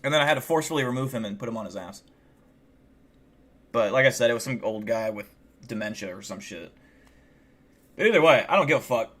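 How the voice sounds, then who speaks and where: Male streamer, mid-pitched voice, loose and rambling, curses constantly, casual live-stream chat. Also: expressive, brisk, long pauses, a bit bright. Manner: rambling and heavily profane, many fillers like "like".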